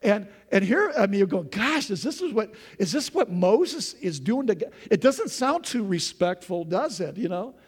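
A male pastor with a high voice delivers a sermon. He is impassioned and often rises in pitch and volume as he speaks. He keeps checking in with his listeners. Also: sing-song, normal speed, hardly any pauses, breathy edge. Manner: impassioned, often raises voice when voicing prayers and quotes; addresses the congregation with "folks" and "okay?".

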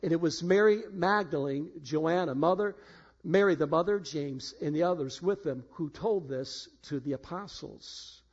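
A middle-aged man preaching a sermon as pastor, halting and repeating words, then building to emphatic peaks. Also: a little high, breathy edge. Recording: muffled lo-fi sound.

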